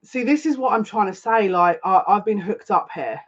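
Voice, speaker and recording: The recording is a little dull and lo-fi as a psychic tarot reader hosting her own channel chats on a live stream. Her mid-range voice is animated at normal speed, and she welcomes viewers one by one, effusive and nearly in tears.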